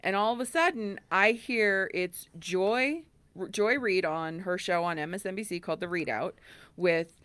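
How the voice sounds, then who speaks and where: A woman's voice: mid-range voice, unhurried, clear, resonant tone, no room sound. Woman cohost ranting and storytelling, does everyone's voices, dry mic. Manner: animated storytelling, acts out quoted dialogue. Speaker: podcast co-host. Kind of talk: casual chat.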